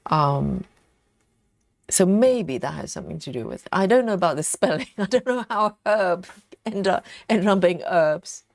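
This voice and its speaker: A woman's voice: lowish voice, lively intonation, normal speed, vocal fry, dry recording, studio quality. A woman with a British accent hosting a casual live stream, reading viewer comments aloud and musing over them, often breaking into laughter. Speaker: livestream host reading viewer chat. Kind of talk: casual live chat while cross-stitching.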